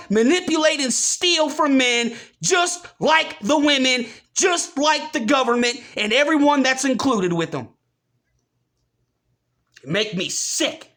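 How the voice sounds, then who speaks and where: A man delivering a furious, profane rant, often breaking into shouts. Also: very high-pitched. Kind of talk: angry rant.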